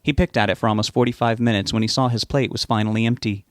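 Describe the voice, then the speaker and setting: A man narrating a novel as an audiobook reader, giving the characters' lines small lifts in pitch. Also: steady tone, fast, no echo, studio quality.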